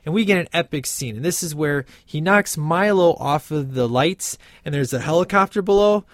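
A man's voice: on the high side, lively intonation, moderate pace, no echo, clean studio sound. A man giving a casual spoken film review, rambling with lots of "uh" and "you know" and quoting lines from the movie. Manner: rambling, many fillers, quotes lines from the film.

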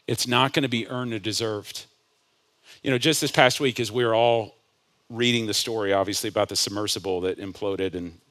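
A male pastor preaching a sermon, climbing to loud impassioned peaks and dropping to hushed lines. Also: on the low side. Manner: builds to loud impassioned peaks, then drops to hushed asides.

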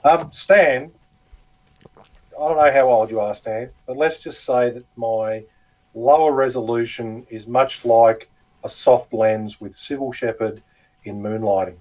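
A man's voice: mid-range voice, fairly even intonation, a little slow, darkish tone, poor audio. A middle-aged Australian man co-hosting a casual live chat, swearing freely and telling jokey stories. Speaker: co-host.

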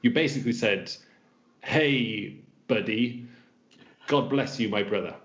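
A man co-hosting a casual chat, encouraging and quick to laugh. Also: mid-range voice, fairly bright tone. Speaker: podcast co-host. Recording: roomy, slightly dull lo-fi sound.

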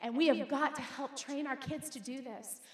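A middle-aged woman pastor with a high voice delivers a sermon. She talks in a conversational, emphatic way, straight to the people in front of her. Her voice rings out in a church auditorium with long, roomy reverb. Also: moderate pace. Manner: conversational, emphatic preaching with direct address. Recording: echoey hall with long reverb.

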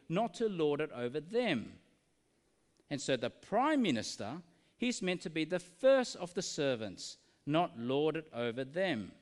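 Earnest male preacher, lively pitch. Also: big-room sound. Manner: earnest, rhetorical questions, slows down to stress key words. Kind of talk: sermon.

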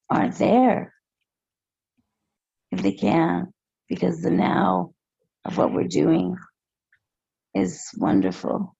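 A woman speaking as a podcast guest, slow and reflective, with hesitant pauses. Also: fairly low pitch, level tone, gravelly, mellow, slightly rough, dry recording. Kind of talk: casual interview chat. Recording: dull muffled lo-fi sound.

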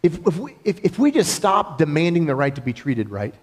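Male preacher, bright higher voice that swoops a lot, chatty and storytelling from the pulpit. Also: brisk. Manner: animated, conversational storytelling with laughs. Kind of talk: sermon.

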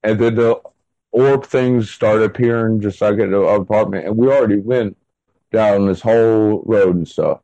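A man's voice: on the low side, moderate pace, warm tone, dry recording, highs cut off. A man in his thirties telling his own story in an interview, rambling and full of fillers. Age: 30s. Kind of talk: casual first-person storytelling.

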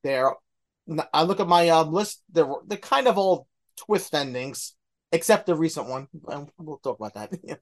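A man's voice: fairly high pitch, lively intonation, moderate pace. A man co-hosting a podcast, chatting about movies in a laid-back, hesitant way. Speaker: podcast co-host. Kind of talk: casual movie chat.

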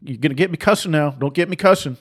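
A middle-aged man delivering an impassioned monologue, forceful and preachy, with laughing asides and mocking voices. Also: a little high, fast, husky.

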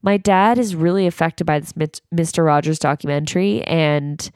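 Frank gravelly-voiced woman podcaster. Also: normal speed, a little mellow, no echo, clean studio sound. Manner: rambling and frank, swoops up high when quoting people. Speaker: podcast co-host. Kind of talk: candid podcast monologue.

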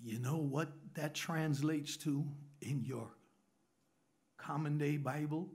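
A man preaching an animated sermon in a church, dropping to hushed whispers and rising to excited bursts. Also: a little high, takes it slowly. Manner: swings from hushed whispers to loud excited bursts, acts out voices.

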